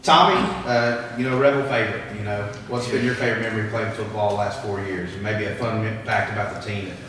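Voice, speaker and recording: Man hosting, halting, echoey hall. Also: on the low side, fairly even intonation. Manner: halting, many fillers. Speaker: sports show host. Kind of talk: casual interview. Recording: echoey hall, distant mic, noisy.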